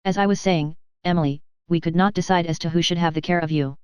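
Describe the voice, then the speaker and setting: A woman's voice: on the low side, steady tone, fast, clean tone, dry recording, natural voice. A woman reading a stern cold aunt. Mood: commanding. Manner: curt, commanding. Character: stern, cold, proud middle-aged aunt.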